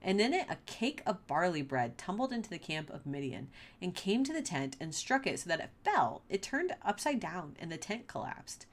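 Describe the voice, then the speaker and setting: A woman hosting a casual Bible podcast, reading passages aloud and then retelling them with playful, animated asides. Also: lowish voice, normal speed.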